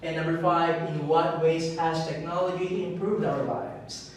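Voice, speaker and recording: A man teaching an online English lesson, speaking slowly and clearly and drilling the pronunciation of words one at a time. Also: fairly high pitch, steady tone, heavy reverb, far from the mic, a little hiss or hum, rough recording. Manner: slow and clear, drilling words with a repeated stress.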